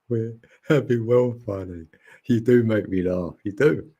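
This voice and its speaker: A man's voice: fairly low pitch, slow pace, dark tone, slightly rough. A man hosting a live stream, chatting casually and laughing often. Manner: laid-back, laughs often, chatty slang. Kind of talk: casual chat. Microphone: phone.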